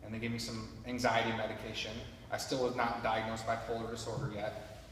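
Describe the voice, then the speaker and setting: A man's voice: lowish voice, completely flat delivery, brisk, fairly bright tone, recorded from a distance, a little hiss or hum. A man giving a motivational talk to a live audience, telling a personal story in an earnest, conversational way and speaking directly to the listeners. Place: large hall with an audience. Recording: echoey hall recorded from afar.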